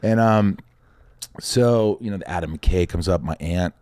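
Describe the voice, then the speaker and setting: An actor guesting on a podcast tells a story in casual chat, animatedly acting out other people's lines and swearing casually. His voice is fairly low in pitch, measured in pace and clean in tone, with no room sound.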